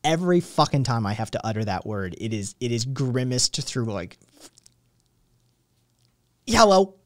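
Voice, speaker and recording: A man's voice: medium pitch, animated, fairly quick, dry recording, clean studio sound. A young adult man hosting a stream, ranting casually with lots of swearing and rambling restarts. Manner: profane, rambling, exasperated. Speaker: stream host.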